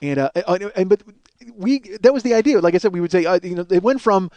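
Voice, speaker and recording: In a high, mellow voice with lively intonation and a quick pace, a middle-aged Chicago-area podcast host delivers a comic monologue of rambling, profane, self-mocking stories and acts out bits of dialogue. The recording is dry and lo-fi.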